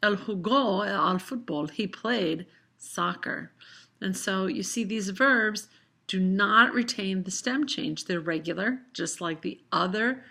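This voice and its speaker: A woman teaching a recorded lesson over slides, explaining patiently and slowing down for examples. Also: medium pitch, vocal fry, bright, forceful tone. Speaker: Spanish teacher.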